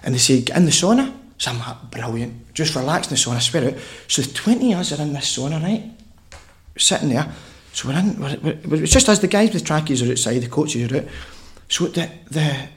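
A man's voice: fairly high pitch, very animated, fairly quick. A Scottish man telling a funny story as a podcast guest, laughing and swearing as he goes. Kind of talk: casual storytelling.

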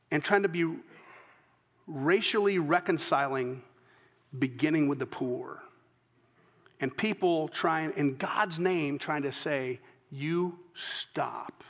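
A Southern US pastor preaching in a church sanctuary, with a high voice for a man. He tells his story earnestly, stumbling into false starts, and his words trail into a long reverb. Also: slow pace, long pauses, fairly bright tone. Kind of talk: sermon.

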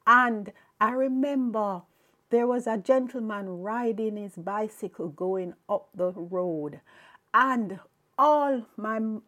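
Slow-speaking woman sharing a faith testimony. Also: mid-range voice. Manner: earnest, reflective storytelling with soft laughs. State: tearful, emotional. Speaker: podcast host.

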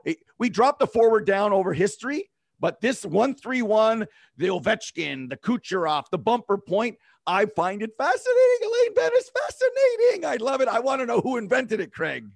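Gravelly, high-voiced man talking hockey. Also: no echo, clean studio sound. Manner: enthusiastic, rambling, laughs often. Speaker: podcast co-host. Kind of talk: casual sports chat.

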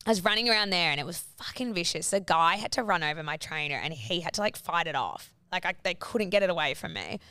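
A woman's voice: on the low side, expressive, fast, few pauses, sharp tone, smooth, no room sound. A young woman, co-hosting a podcast and telling stories in a casual, chatty way full of fillers and swearing. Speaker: podcast co-host. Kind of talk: casual chat.

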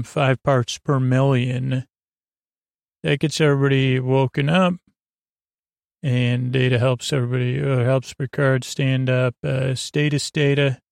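Slow, gravelly man casually retelling a story. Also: mid-range voice, no room sound, clean studio sound. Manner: rambling, many "uh"s and "goes", quotes lines loosely. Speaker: podcast host retelling an episode. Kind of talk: casual sleepy recap.

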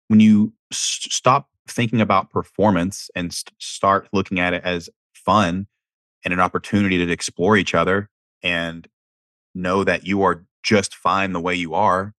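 A young man with a low voice talks candidly in a relaxed, conversational way, often repeating a word as he restarts a thought. The sound is dry and close, with no room echo. He sounds like a podcast host giving frank advice. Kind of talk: casual advice talk.

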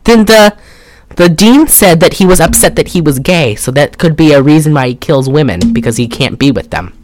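A man's voice: a little high, animated, normal speed. A man co-hosting a casual chat, recapping a film in a rambling, jokey way with lots of fillers. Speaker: podcast co-host.

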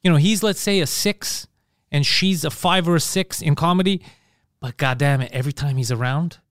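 A man's voice: on the high side, moderate pace, fairly bright tone, no echo, clean studio sound. A man hosting a casual podcast chat, blunt and emphatic and swearing freely as he makes his points. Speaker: podcast host.

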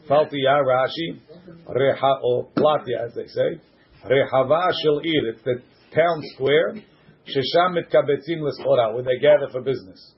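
A man's voice: medium pitch, slightly rough. A man teaching a Talmud class, reading Hebrew and Aramaic phrases aloud and translating each one into English for his students in a classroom. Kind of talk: classroom Gemara lesson. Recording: muffled lo-fi classroom recording.

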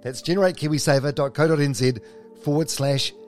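A man's voice: a little high, steady tone, faint music behind. A man hosting a podcast in a chatty, jokey way. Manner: chatty, jokey, quick to laugh. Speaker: podcast host.

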